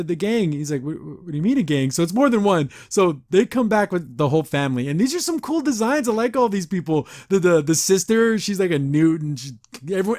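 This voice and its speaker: A man's voice: on the high side, no echo, studio quality. A man hosting a podcast, casually recapping a cartoon episode in a chatty, gushing way with frequent laughs. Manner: chatty and gushing, often laughing, acts out characters in quick voices.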